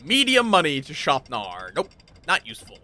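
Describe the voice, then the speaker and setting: A man's voice: on the high side, huge pitch swings, moderate pace, sharp tone. A man live-streaming a game, chatting playfully with his viewers as he plays. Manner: rambling, playful, greets chat.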